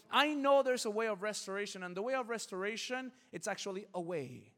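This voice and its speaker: A middle-aged man preaches with a high, light voice. He talks to the crowd like friends, keeps asking if they get it, and swings between quiet, slow lines and loud bursts. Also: lively intonation. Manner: conversational, keeps asking if listeners follow. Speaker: pastor. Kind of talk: sermon.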